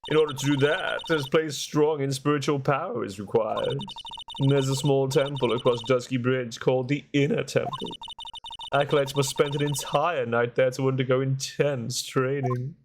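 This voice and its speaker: A man's voice: mid-range voice, steady tone, moderate pace, natural voice. A brash, chatty older nun who teases everyone in the room, as a man puts her on in a game playthrough. She talks in a bold, cheeky way. The recording carries a noisy background.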